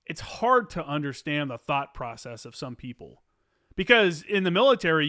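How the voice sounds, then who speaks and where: A man's voice: on the high side, a bit bright, clean tone. A man hosting a podcast, chatting easily with his guest and swearing casually. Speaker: podcast host. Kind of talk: casual interview chat.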